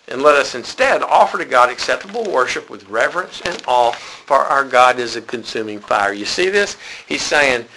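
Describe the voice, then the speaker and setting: A man's voice: medium pitch, vocal fry, sharp tone, a little hiss or hum, low-quality recording. A man preaching a sermon in a church, folksy and conversational.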